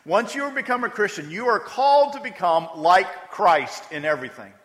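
A man's voice: high-pitched, expressive, normal speed, a bit bright. A man preaching a sermon as pastor, talking conversationally and repeating words for emphasis. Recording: long hall reverb.

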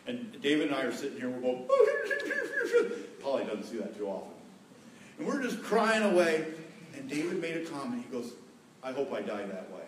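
A man's voice: mid-range voice, recorded from a distance, a little hiss or hum. A middle-aged man preaching a sermon on marriage as a folksy storyteller who jokes with his listeners and repeats key words. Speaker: pastor. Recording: echoey hall, voice from afar.

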